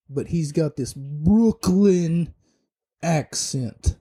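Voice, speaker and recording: A man's voice: on the high side, takes it slowly, warm tone. A man hosting a podcast, giving an opinionated, rambling wrestling review with many fillers and restarts. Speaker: podcast host.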